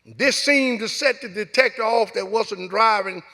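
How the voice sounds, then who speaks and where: Man, Southern US accent, middle-aged, storytelling speech, high voice, echoey hall. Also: unhurried, vocal fry, sharp tone. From Alabama, US. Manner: dramatic storyteller, acting out dialogue. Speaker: guest speaker.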